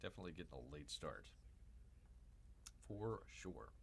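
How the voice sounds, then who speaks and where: His voice is very deep, with vocal fry and big pitch swings at a normal speed, over slight background noise. He hosts a livestream, joking casually, rambling through asides, repeating himself and calling himself Bear in the third person.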